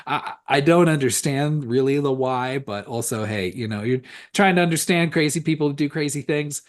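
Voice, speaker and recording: A male podcast co-host with a medium-pitched voice chats casually about a horror movie at a normal speed. His commentary rambles and is profane, full of "like" and restarted sentences.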